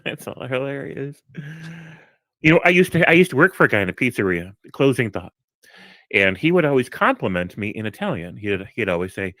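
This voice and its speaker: A man's voice: a little fast, no echo. A man on a live discussion call telling a funny anecdote, laughing often and lifting his voice for quotes. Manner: animated storyteller, laughs often, breaks into higher quoted voices. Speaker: guest on a live discussion stream.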